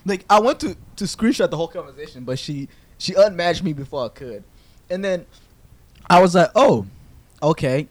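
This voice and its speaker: A young man hosting a podcast, telling a story in casual chat, animated, with swearing and laughter. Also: sits high, a little fast, no echo. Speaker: podcast host. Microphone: podcast microphone.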